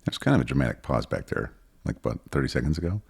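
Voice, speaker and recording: Middle-aged male co-host, very deep voice, lively, playful teasing. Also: very fast, gravelly, husky. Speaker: podcast co-host. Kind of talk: casual chat.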